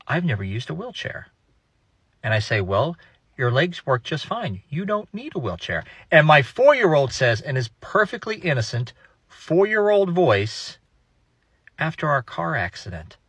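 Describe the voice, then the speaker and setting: A man's voice: mid-range voice, sing-song, moderate pace, fairly bright tone, husky, no room sound. A man, a father, telling a story in a casual way and building suspense.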